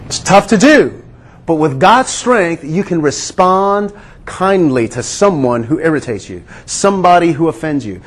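A man preaching a sermon, earnest and questioning his listeners, slowing down to stress key words. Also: a little high, sing-song. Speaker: pastor.

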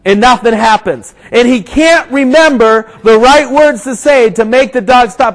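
A man preaching to a crowd, praying and then telling a funny story before a Bible passage, growing animated and shouting at the climax. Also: very high-pitched, a little slow, few pauses, rough recording. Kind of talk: storytelling sermon.

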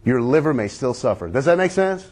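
A man's voice: medium pitch, big pitch swings, brisk, a little mellow. A man preaching a sermon in an earnest, conversational way, asking his listeners questions and reading a story aloud.

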